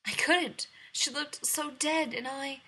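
A woman's voice: medium pitch, brisk, bright, forceful tone, slightly rough. A woman voicing a desperate young queen stepmother in a storytelling reading, urgent and pleading.

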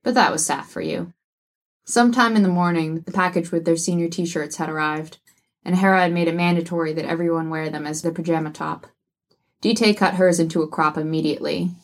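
A woman reading a work of fiction aloud with wry, even storytelling. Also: low voice. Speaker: narrator. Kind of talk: audiobook narration of fiction.

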